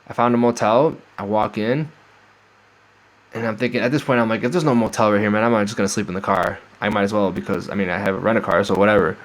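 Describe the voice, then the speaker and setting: Young male storyteller, low voice, casual and profane, mimics the people in his story. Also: poor audio. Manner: rambling, profane, acts out the voices of people he met. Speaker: vlogger telling a travel story.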